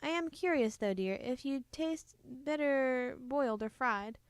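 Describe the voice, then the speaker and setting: A woman voicing a shrill, sly witch mother who teases and cackles, reading a storybook aloud. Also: measured pace, smooth, dry recording. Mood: teasing.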